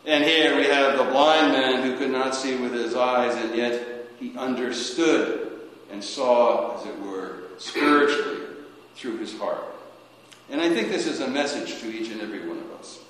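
A man preaching a sermon as a priest, slow and halting, often restarting his sentences. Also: mid-range voice, fairly bright tone. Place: church. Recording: echoey church with long reverb.

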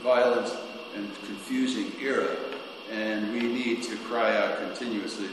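Slow halting preacher in echoing hall. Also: male voice, fairly low pitch, fairly even intonation, background noise. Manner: halting, with frequent restarts and repeated words. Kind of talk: sermon on scripture. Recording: very echoey hall with long reverb and faint ambience.

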